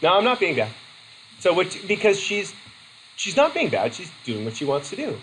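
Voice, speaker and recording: Male teacher lecturing a class; chatty, animated, fairly high pitch, slight room hiss. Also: moderate pace, rough recording. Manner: lively, acts out quoted voices, laughs easily.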